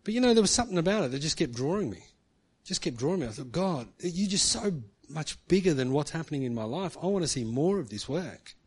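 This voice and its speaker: A man's voice: on the high side, very animated, quick pace, darkish tone, breathy edge. A middle-aged man preaching, telling a personal story in a chatty way and ending remarks with "hey". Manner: chatty, tag questions with "hey". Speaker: pastor. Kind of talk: sermon storytelling.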